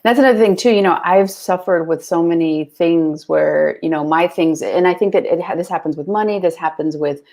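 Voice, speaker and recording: A woman's voice: fairly low pitch, fairly quick, hardly any pauses, darkish tone. A woman guest in casual conversation, talking freely and chattily with lots of fillers. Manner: chatty, full of fillers like "like" and "you know".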